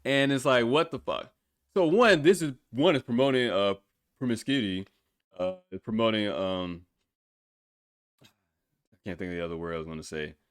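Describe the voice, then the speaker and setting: A man's voice: lowish voice, lively intonation, normal speed, long pauses, smooth, dry recording. Guy hosting a podcast, cussing and laughing at what he's watching, voice bouncing all over, dry close mic. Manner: blunt and profane, often breaking into incredulous laughter. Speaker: podcast host. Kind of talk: casual commentary on a music video.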